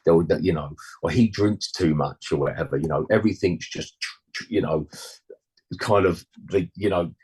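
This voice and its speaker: A man's voice: deep voice, moderate pace, darkish tone, husky. A man in his sixties, a musician guest, rambling and blunt in casual interview chat, full of "you know" and slangy asides.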